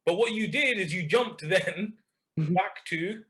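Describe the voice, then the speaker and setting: A man's voice: sits high, a little slow, sharp tone. A man coaching someone in conversation, asking pointed questions and calling him bro. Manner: direct, questioning, calls listener bro.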